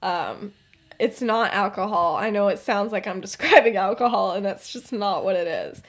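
A woman's voice: mid-range voice, normal speed. A woman co-hosting a podcast, retelling a story in a rambling, casual way full of fillers. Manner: rambling, filler-heavy, often laughing. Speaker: podcast co-host.

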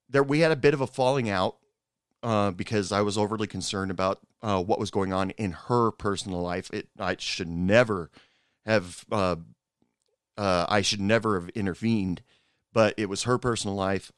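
A middle-aged man, a former bartender, telling stories from his bar days in a rambling, halting way with frequent asides. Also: on the low side, clear, resonant tone, no echo, clean studio sound. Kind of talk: casual personal storytelling.

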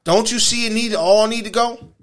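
A man's voice: high voice, normal speed. A man co-hosting a podcast in casual chat, blunt and teasing with his co-host.

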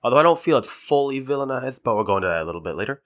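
A man's voice: medium pitch, very animated, very fast, a bit bright. A man co-hosting a podcast in casual chat, laid-back and a bit hesitant. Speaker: podcast co-host.

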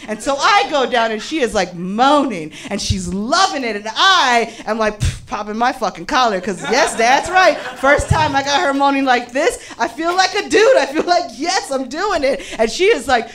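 A woman's voice: high voice, moderate pace. Brash, profane woman comic. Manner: brash, profane, animated, laughing through lines. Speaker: stand-up comedian. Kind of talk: live stand-up storytelling.

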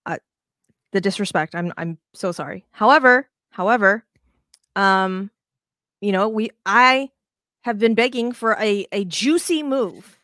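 A woman co-hosting a casual baseball podcast, talking in an animated, rambling way with restarts and plenty of swearing. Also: mid-range voice, unhurried, no echo, clean studio sound. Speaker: podcast co-host.

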